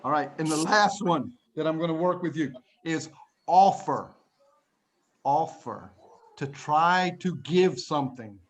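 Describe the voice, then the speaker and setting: A man's voice: fairly high pitch, unhurried. A man teaching an online English lesson to children, explaining words patiently and plainly, laughing often, over a video call. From United States.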